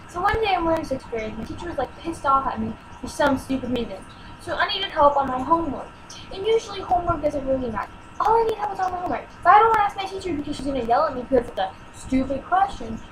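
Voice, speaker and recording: In a home vlog with a noisy background, a high-voiced teenage girl recounts something that happened to her. She gets emotional and exasperated, performing other people's lines as she retells it.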